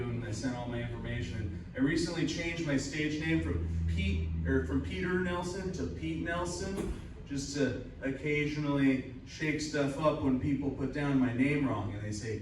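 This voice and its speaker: Speaking at normal speed with a medium-pitched voice, a young man rambles through a crude, self-deprecating comedy routine. It's a live show upstairs in a cider house, captured in a very echoey space where he seems distant and a faint room noise lingers.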